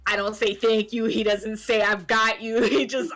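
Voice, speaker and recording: Animated laughing woman telling a story. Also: fairly high pitch, normal speed. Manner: animated, laughing, swears freely, acts out quotes. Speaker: podcast co-host. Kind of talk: casual storytelling chat.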